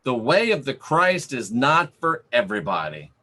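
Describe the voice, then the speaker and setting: A man giving a livestream sermon, slow and emphatic, repeating his phrases for weight. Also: mid-range voice, very animated, bright, forceful tone. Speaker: preacher reading live chat.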